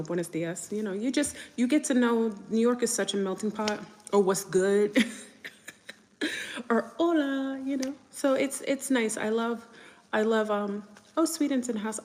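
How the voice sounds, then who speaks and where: A woman talks loosely on a livestream, wandering from point to point and calling out to viewers from the chat. Her voice sits at an ordinary middle pitch, with a long reverb trailing after it. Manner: chatty, rambling, greets viewers from chat. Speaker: livestream guest.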